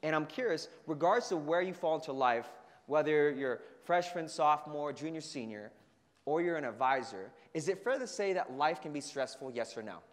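A man giving an energetic motivational talk to a student leadership conference, telling stories and acting out the voices. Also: fairly high pitch, normal speed. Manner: energetic storytelling with acted-out voices. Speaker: keynote speaker. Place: large conference hall. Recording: long hall reverb.

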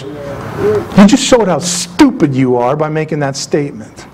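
A man preaching a sermon as pastor, emphatic and animated, with asides and jokes to his congregation. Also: fairly high pitch, normal speed, background noise. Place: church sanctuary.

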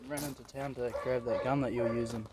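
A man chatting casually with a friend in a relaxed, offhand way and giving short answers, caught on phone audio. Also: mid-range voice, quick pace, crowd noise. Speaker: friend of the host. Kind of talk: casual chat.

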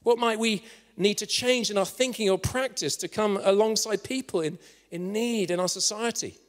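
A man's voice: high-pitched, normal speed. A man preaching a sermon with passion, urging listeners to get involved. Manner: impassioned, drops to a hushed whisper for the story's climax. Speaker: guest preacher. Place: church hall. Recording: reverberant church hall.

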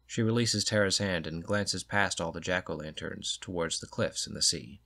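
Measured male narrator reading a story, lower register. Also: gravelly, sharp tone. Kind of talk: audiobook reading of a short story.

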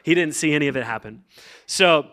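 A man's voice: on the high side, fairly even intonation, moderate pace, sharp tone, smooth. A man preaching a casual, joking sermon as pastor, full of fillers and restarts. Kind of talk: conversational sermon.

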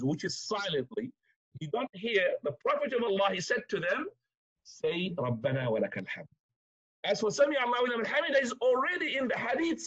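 A man teaching a religious lesson in an animated way, rising sharply in pitch to stress points, with frequent restarts. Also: husky. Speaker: Islamic teacher. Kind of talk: religious lecture. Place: mosque lecture room. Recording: muffled lo-fi recording.

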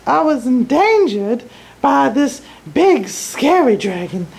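A woman doing a sassy, high, gravelly princess. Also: sing-song, takes it slowly, darkish tone, full character voice, low-quality recording. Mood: storytelling. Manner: sassy and snappy. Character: bossy, sassy young village princess. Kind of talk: improvised comedy skit.

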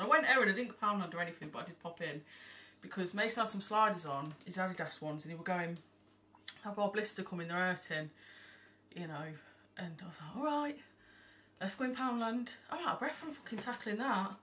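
Her mid-range voice is lively in intonation, brisk, bright and forceful as she rambles and curses freely in a relaxed haul vlog. It's filmed at home by an open window, with a distant mic and a little background noise.

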